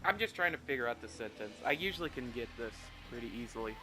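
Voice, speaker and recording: A man's voice: mid-range voice, expressive, fast, sharp tone, soft background music. A man hosting a video game let's play, rambling in a self-deprecating way and swearing freely. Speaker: gaming video host.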